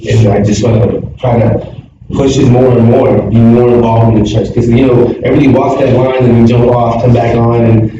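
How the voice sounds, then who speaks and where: A middle-aged man earnestly sharing his reflections with a church group, rambling with many fillers. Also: medium pitch. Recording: echoey room from far, dull sound, noisy.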